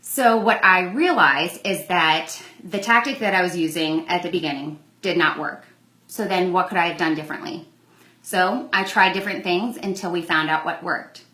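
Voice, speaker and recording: A woman's voice: lowish voice, normal speed, pushed and bright, reverberant, poor audio. A young woman telling a personal story in a candid, conversational vlog, acting out the lines in quoted exchanges. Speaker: vlogger.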